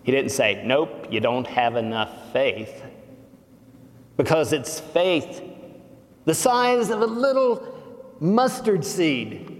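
Slow-preaching man in a reverberant hall. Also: on the high side, animated. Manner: slow, deliberate preaching with emphatic rises. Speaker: pastor. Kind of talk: sermon. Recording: long reverb of a church hall.

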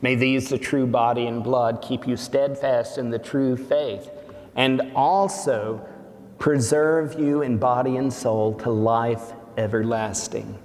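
A pastor preaching a sermon slowly and deliberately, rising for emphasis. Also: male voice, mid-range voice, steady tone, a little mellow. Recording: long reverb of a church hall.

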